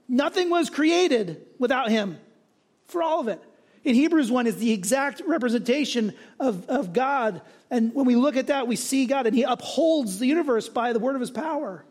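High-voiced pastor preaching conversationally. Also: male voice. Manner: conversational, animated, often tags lines with "right?". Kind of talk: sermon.

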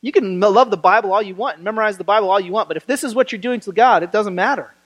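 Animated conversational male preacher. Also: sits high, very fast. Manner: animated, conversational, acts out quoted voices. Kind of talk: sermon.

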